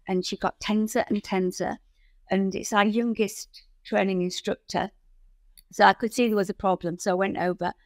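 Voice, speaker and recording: Woman, podcast guest, animated storytelling, dry close sound, middle pitch. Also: moderate pace, no room sound. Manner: animated storyteller who acts out the people in her stories. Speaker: guest, founder of a riding centre.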